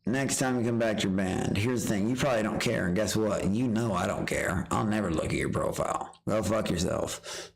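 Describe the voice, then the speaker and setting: A man's voice: fairly low pitch, fairly quick, creaky, low-quality recording. A man streaming live, ranting in a rambling, boastful way and trash-talking profanely. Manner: rambling with restarts. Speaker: livestreamer. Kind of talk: rambling livestream rant.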